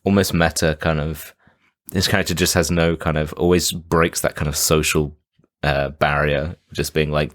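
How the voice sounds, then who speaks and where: A man with a very low voice talks through a film with a friend on a podcast, in a loose, rambling way. He leans on "kind of" and "like" as he thinks aloud. The sound is dry and close, with no room around it. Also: flat delivery, moderate pace, a bit bright, dry recording. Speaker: podcast co-host. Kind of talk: casual film review chat.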